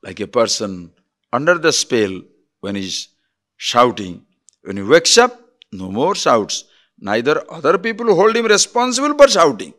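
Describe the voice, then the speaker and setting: A man's voice: mid-range voice, measured pace. A man giving a spiritual discourse as a teacher, telling stories and acting out quarrels. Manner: animated storytelling, acts out quarrels.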